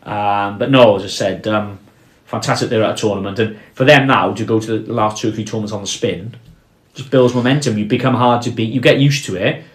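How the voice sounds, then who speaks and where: Low-voiced man talking football, roomy room. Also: steady tone. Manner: measured, trails off and restarts, drops his voice on key points. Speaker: podcast co-host. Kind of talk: casual football chat. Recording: roomy echo.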